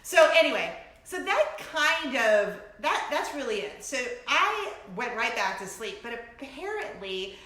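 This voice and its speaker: A middle-aged woman hosting a casual chat vlog, telling stories with animated energy, laughing often and acting out shrieks. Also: fairly high pitch, echoey room. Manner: animated storytelling, breaks into laughter, acts out shrieks. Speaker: vlogger host.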